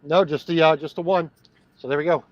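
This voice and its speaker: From his truck cab, a man livestreams over a headset, speaking fairly quickly in a voice on the high side with fairly even intonation. The recording has no room sound and its highs are cut off. He wanders from topic to topic, repeats words and laughs a lot.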